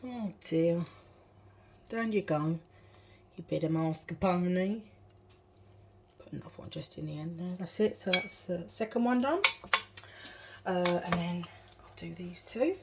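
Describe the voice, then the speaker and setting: In her home kitchen, a vlogger narrates each cooking step at a measured pace with long pauses, laughing at herself. Her voice is lowish, and dishes and cutlery clatter in the background.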